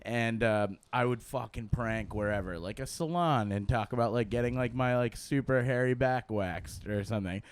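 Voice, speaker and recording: Smooth-voiced man with a laid-back manner. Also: mid-range voice, moderate pace, hardly any pauses. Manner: laid-back, swears freely. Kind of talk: casual storytelling. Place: podcast studio.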